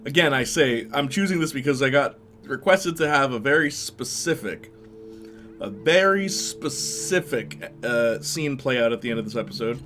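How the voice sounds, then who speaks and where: A man's voice: mid-range voice, brisk, hardly any pauses, fairly bright tone, soft background music. A man commentating over gameplay in a joking, playful way, laughing often. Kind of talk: let's play commentary.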